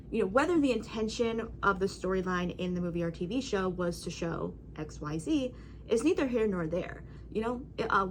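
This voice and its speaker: A woman's voice: medium pitch, a little hiss or hum. A woman talking to her camera at home in a casual, rambling monologue. She is emphatic and keeps checking in with "right?" and "you know". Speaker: vlogger.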